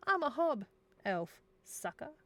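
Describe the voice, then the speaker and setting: A cheeky, sassy hob elf fit for a fantasy tavern, as a woman puts it on. The voice jumps up high and lands each line with attitude and a playful, mischievous edge. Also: sing-song, takes it slowly, fairly bright tone, no room sound, full character voice.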